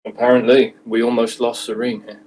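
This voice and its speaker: A man playing in a tabletop game, talking in an easygoing, measured way. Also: medium pitch, little pitch movement, a little mellow, far from the mic, rough recording. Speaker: player. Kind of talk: casual in-character play.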